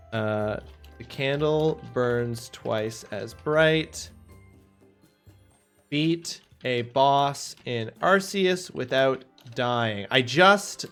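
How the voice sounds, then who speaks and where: A man's voice: mid-range voice, a bit bright. A man streaming a video game live, chatting upbeat with viewers and thanking them energetically. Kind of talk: casual live stream chat.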